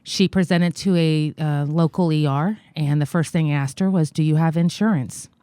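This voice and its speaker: A woman's voice: sits low, steady tone, mellow, clear, resonant tone, no room sound. Earnest American woman in a dry room. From United States. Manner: halting and earnest, many fillers, quotes others. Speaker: guest, congressional candidate. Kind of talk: personal story in an interview.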